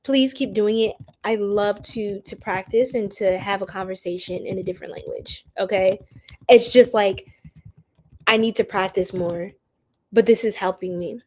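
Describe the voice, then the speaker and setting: A woman's voice: medium pitch, normal speed, darkish tone, slight background noise. A woman hosting a casual live stream, greeting viewers by name and laughing often. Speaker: tarot reader and live stream host.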